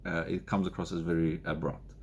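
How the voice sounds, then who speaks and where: Deep gravelly aussie guy, counsellor talking self-help, slow with lots of uh and you know. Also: level tone. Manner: unhurried, many fillers and restarts, acts out example speakers. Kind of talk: self-help talk to camera.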